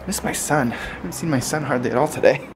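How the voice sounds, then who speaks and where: A young father in his twenties chatting casually in a home vlog, relaxed and teasing. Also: medium pitch, fast, noisy background. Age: 20s. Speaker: vlogger, new father.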